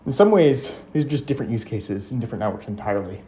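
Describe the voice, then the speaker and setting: A man's voice: mid-range voice, lively intonation, fast, mellow, a little hiss or hum. A man talking while riding a bike, slightly out of breath, sharing opinions in a casual chat.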